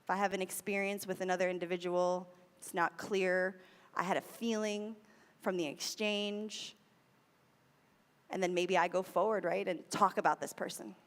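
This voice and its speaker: A woman's voice: fairly low pitch, steady tone, normal speed. American woman speaker, casual sermon delivery with repeated phrases, recorded in a reverberant hall. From United States. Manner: conversational, repeats key phrases for emphasis. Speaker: speaker at a spiritual center. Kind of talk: sermon talk.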